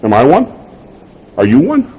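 Husky-voiced man preaching a sermon. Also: mid-range voice, huge pitch swings, moderate pace. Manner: conversational preaching with rhetorical questions. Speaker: pastor. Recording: slightly dull lo-fi sound.

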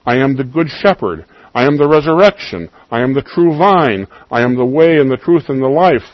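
A man preaching a sermon, emphatic, rising loud on key lines and dropping to soft asides. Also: mid-range voice, animated, normal speed, dry recording, highs cut off.

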